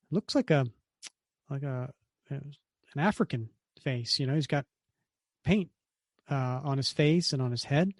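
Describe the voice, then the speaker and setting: A podcast co-host with a fairly high voice casually retells a comic book story, rambling with many fillers and restarts. The sound is studio quality, with no room sound.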